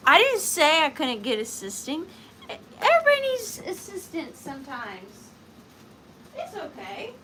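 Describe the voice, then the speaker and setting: A woman's voice: sits high, huge pitch swings, measured pace, fairly bright tone, a little hiss or hum. A woman hosting a live online sale, chatting casually with viewers in a giggly, joking way. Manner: chatty and giggly, jokey asides.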